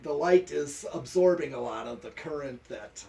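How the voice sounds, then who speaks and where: A man's voice: mid-range voice, expressive, normal speed, darkish tone, distant mic. A man testing a ceiling fan, talking practically and counting settings aloud. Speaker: fan tester. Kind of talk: casual technical chat.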